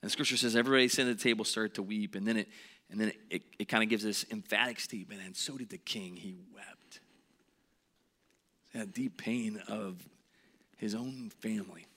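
Bright-voiced man preaching earnestly. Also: fairly low pitch, fairly even intonation, fast. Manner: earnest, drops to a hush on heavy points. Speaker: pastor. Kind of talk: sermon.

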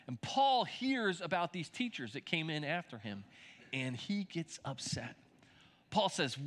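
Middle-aged man, pastor, chatty sermon, bright slightly high voice. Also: very animated, measured pace. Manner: conversational with frequent restarts and asides to the congregation.

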